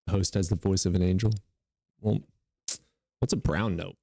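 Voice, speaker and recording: A man's voice: low voice, fairly even intonation, normal speed, vocal fry, mellow, no room sound, clean studio sound. A young man streaming live, joking and teasing his viewers in casual chat. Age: young adult.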